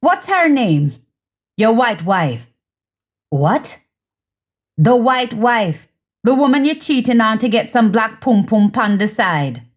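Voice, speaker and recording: A woman voicing a hurt, sharp-tongued young woman who curses and bites back with sarcasm. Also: fairly high pitch, sing-song, slow, pauses often, full character voice. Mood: furious. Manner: cursing, biting, sarcastic.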